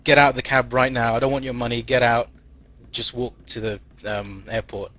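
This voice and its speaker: A man's voice: medium pitch, steady tone, quick pace, slightly rough, natural voice. A man voicing a brusque cab driver in a spoken joke. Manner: brusque orders. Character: male cab driver, kindly then angry.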